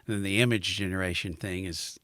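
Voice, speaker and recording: A middle-aged man hosting a podcast, chatting casually and agreeing warmly with his guest on a close microphone. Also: low voice, a little fast, dry recording. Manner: conversational, affirming, lively at sign-off. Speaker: podcast host. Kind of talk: casual interview chat. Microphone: close podcast mic.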